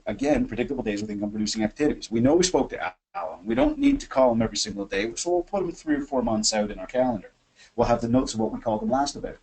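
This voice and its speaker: A man hosting a webinar from his office, coaching sales in an energetic, chatty way and acting out phone calls. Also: medium pitch, creaky, low-quality recording. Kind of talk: animated software demo and sales coaching.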